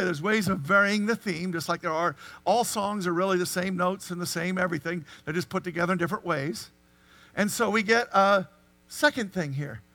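A man preaching a sermon, animated and full of rhetorical questions to the congregation. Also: high voice. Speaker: pastor.

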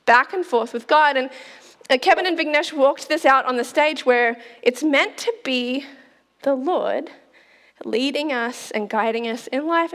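A woman's voice: high-pitched, fairly bright tone. A woman in her forties preaching a sermon in a chatty, playful way, laughing often. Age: 40s. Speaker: pastor. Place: church auditorium. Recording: long reverb of a hall.

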